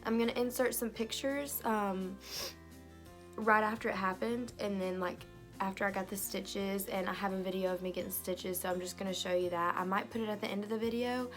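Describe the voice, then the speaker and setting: A woman's voice: mid-range voice, steady tone, fairly quick, soft background music. A young woman telling a personal story in a casual vlog, with many fillers and quoted voices, filmed on a phone. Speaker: vlogger.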